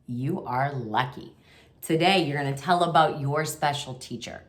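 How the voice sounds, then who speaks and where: Slow, low-voiced kindergarten teacher. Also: female voice. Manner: slow, patient, sing-song teacher voice, addressing young scholars. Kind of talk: remote classroom lesson.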